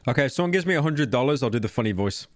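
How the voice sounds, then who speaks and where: A man's voice: medium pitch, expressive, racing, noisy background. A man streaming, reacting to clips with sarcastic, mocking commentary and stammered restarts. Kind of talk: casual livestream commentary.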